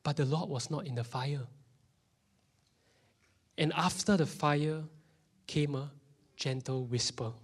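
A man in his thirties with a Singaporean English accent preaches as pastor in a church hall, animated and occasionally dropping to a whisper for emphasis. His voice is a little high and husky, slow, with frequent pauses.

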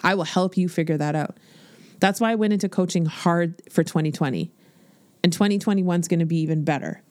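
A woman in her forties hosts a motivational podcast, speaking bluntly and swearing freely. Her voice sits fairly low and sounds animated. The sound is dry and close. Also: a little fast, no echo. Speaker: podcast host and business coach. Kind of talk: casual motivational podcast monologue.

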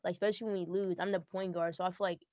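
A teenage girl talks casually in a studio interview, rambling with plenty of fillers. Her voice is lowish and flat in tone. The sound is dry. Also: racing, no echo, lo-fi sound. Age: teens. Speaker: high school point guard guest. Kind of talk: podcast interview.

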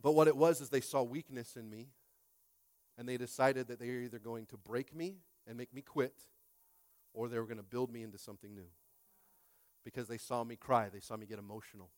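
A pastor in his late thirties preaching a sermon, emphatic, swinging from quiet to loud and repeating phrases. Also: medium pitch, steady tone, brisk, no room sound, clean studio sound.

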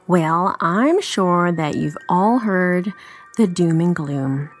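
A woman podcast co-host reading a news article aloud, steady with joking asides. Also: on the low side, slow pace, over music.

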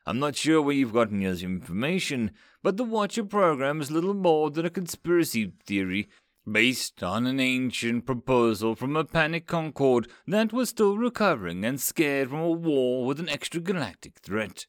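A man voicing a smooth, calm male alien official who speaks reassuringly and a little condescendingly. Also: medium pitch, moderate pace, no echo, clean studio sound, natural voice. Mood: smooth reassurance.

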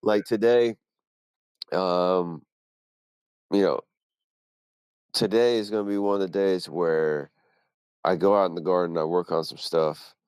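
A man's voice: low-pitched, fairly even intonation, measured pace, pauses often, a little mellow, clean tone, dry recording. A man chatting casually on a podcast, laid-back and rambling, swearing freely as he talks about his work. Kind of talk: casual chat.

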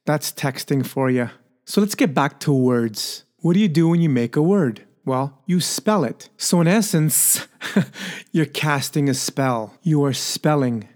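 A podcast host working alone reflects in a playful way on where words come from, invents terms, and laughs at himself; he speaks at medium pitch with a slightly mellow tone.

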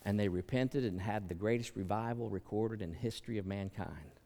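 A man's voice: lowish voice, normal speed, creaky, warm tone. A man preaching a sermon as pastor, conversational, with folksy asides and sudden bursts of volume. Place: church sanctuary. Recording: long church hall reverb.

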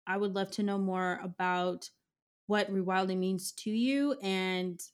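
A woman's voice: medium pitch, fairly even intonation, a little slow, smooth. A woman hosting a podcast interview who encourages her guest and asks open questions, with frequent "um" fillers. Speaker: podcast host. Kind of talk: casual interview chat.

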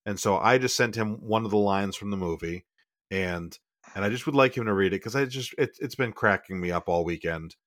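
A man's voice: lowish voice, fairly bright tone, dry recording, studio quality. A man co-hosting a podcast who rambles and corrects himself as he chats casually. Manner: rambling, self-correcting, quick laughs. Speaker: podcast co-host. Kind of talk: casual chat.

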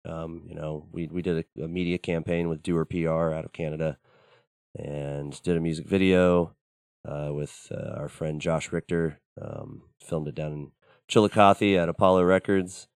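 Deep-voiced, laid-back male band guest. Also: steady tone, moderate pace, vocal fry, clear, resonant tone, dry recording, clean studio sound. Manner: laid-back, rambling, with frequent fillers and swearing. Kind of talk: casual interview chat. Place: studio.

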